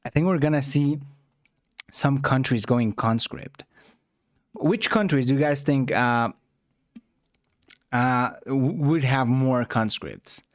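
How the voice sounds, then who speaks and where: A man's voice: mid-range voice, slow, long pauses, no room sound, clean studio sound. A man whose first language is Spanish, chatting casually on a reaction stream and talking loosely to his viewers with lots of fillers.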